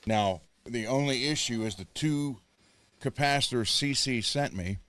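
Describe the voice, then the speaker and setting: A man co-hosting a casual livestream, speaking in a matter-of-fact, halting way. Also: mid-range voice, fairly bright tone, dry recording.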